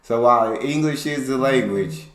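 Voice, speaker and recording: A man's voice: mid-range voice, reverberant. A man hosting a reaction video, talking casually and reacting to clips. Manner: loud hype intro, then quick casual asides.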